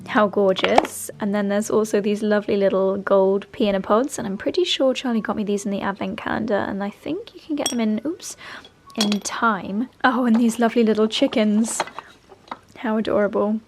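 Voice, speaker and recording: A woman's voice: mid-range voice, fairly even intonation, moderate pace, darkish tone, slight background noise. A young woman chatting to camera at home, gushing and affectionate as she talks through her day. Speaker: lifestyle vlogger. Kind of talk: casual vlog narration to camera. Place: country home indoors and garden.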